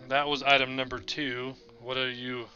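Bright-voiced casual player. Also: male voice, mid-range voice, little pitch movement, moderate pace, lo-fi sound, faint music behind. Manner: casual, negotiating in character. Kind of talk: casual tabletop role-play.

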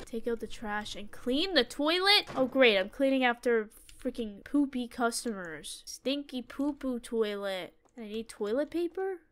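High bright young woman gamer. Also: expressive, a little slow, hardly any pauses, a little hiss or hum. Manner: jittery, panicky, self-talking. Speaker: gaming YouTuber. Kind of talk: horror game let's play commentary.

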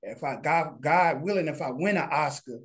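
Slightly high and a bit bright, this guest's voice moves at a normal speed. As a studio founder being interviewed, he comes across as casual and heartfelt, rambling earnestly with frequent restarts.

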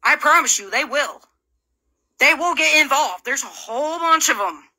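A woman's voice: high-pitched, lively intonation, moderate pace, bright, forceful tone. A woman from Illinois delivering an angry, profane, confrontational rant straight to her audience, full of taunting rhetorical questions. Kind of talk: angry direct-to-camera rant.

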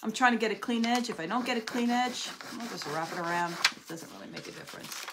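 A woman's voice: fairly high pitch, fast talker, heavy background noise. A woman hosting a live crafting demonstration, chatting casually with viewers while she works. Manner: chatty, friendly, talks while working. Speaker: craft channel host.

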